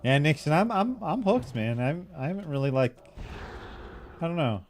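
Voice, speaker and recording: A young man chatting casually with viewers while he streams a game, relaxed, laughing often and swearing freely. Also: a little high, normal speed, a little hiss or hum. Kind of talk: casual live-stream chat while gaming.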